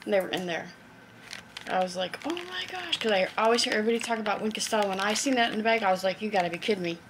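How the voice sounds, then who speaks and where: A woman casually showing off a haul of craft supplies, chatty and excitable, thinking aloud as she unpacks. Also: medium pitch, racing, noisy background. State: out of breath. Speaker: crafting vlogger. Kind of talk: casual thrift haul show-and-tell.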